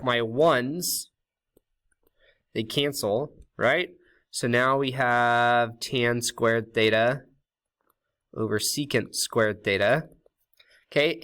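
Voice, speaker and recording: A man's voice: mid-range voice, fairly bright tone. A man teaching a recorded math lesson in a casual, chatty way, with fillers, restarts and jokey asides.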